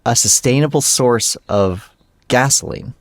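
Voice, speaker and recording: A man's voice: medium pitch, a little slow. A man co-hosting a casual podcast, teasing his friend with pointed follow-up questions. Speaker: podcast co-host. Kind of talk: casual chat.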